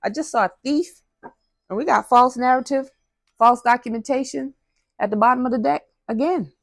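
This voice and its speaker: A woman's voice: sits high, moderate pace, creaky, no room sound, studio quality. A woman giving a casual tarot-style card reading to her viewers. She talks straight to the audience and slips into slang. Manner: chatty, drops into slang, talks to viewers directly. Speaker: tarot reader.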